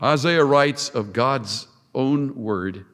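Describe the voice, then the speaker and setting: A man preaching a sermon with emphatic delivery, dramatic pauses and heavy repetition. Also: medium pitch, fairly bright tone. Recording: long hall reverb.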